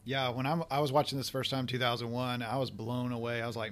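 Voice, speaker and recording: A man's voice: mid-range voice, flat delivery, fast talker. A man hosting a podcast, chatting casually through an episode commentary, laughing often and restarting his sentences. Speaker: podcast host.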